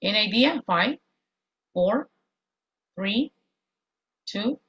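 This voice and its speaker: Teaching English online over a lo-fi video call, a woman speaks in a bright, expressive voice of medium pitch. She goes over words slowly as drills and moves back and forth between English and Spanish.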